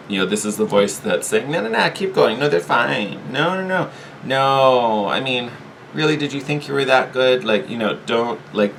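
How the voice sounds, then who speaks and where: A man giving a casual, chatty tarot reading, animated and quick to laugh, often repeating himself. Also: lowish voice, a little hiss or hum, poor audio. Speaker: tarot reader.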